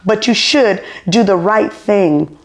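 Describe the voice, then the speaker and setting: Animated woman host telling stories. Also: medium pitch, slow. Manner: animated storyteller, laughs often. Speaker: podcast host. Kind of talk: casual chat.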